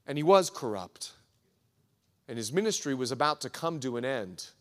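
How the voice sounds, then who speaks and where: A male pastor preaching a sermon at a men's breakfast, telling the story with animated delivery and acting out what people say. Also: medium pitch, moderate pace, in a large hall. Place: church hall at a men's breakfast.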